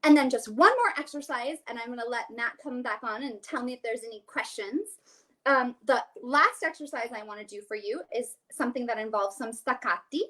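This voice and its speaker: A woman's voice: on the high side, brisk, a bit bright. Soprano woman coaching singers. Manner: explains and then sings vowel exercises, light and joking. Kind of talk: vocal coaching demonstration.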